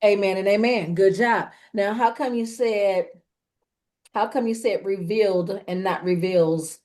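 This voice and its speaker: Slow-spoken woman teaching a Spanish class. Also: mid-range voice, a little mellow. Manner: encouraging, praising and quizzing students. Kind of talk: online language class.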